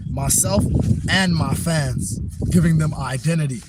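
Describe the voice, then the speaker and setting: A man with a slightly high voice chats boastfully and playfully at his live viewers. He talks outdoors into a phone on a tripod, with faint noise underneath. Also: a little slow. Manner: boastful, playful trash-talk at the chat. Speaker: livestreamer. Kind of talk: casual live-stream chat.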